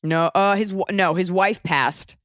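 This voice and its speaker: A woman with an American accent hosting a podcast, chatting casually and quick to joke. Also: on the low side, dry recording, clean studio sound. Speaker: podcast host. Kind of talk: casual interview chat.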